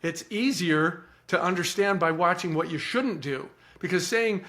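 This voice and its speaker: A man with a fairly high voice gives an earnest, animated account as a podcast guest. He often repeats words as he starts a thought. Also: normal speed, hardly any pauses. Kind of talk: reflective storytelling.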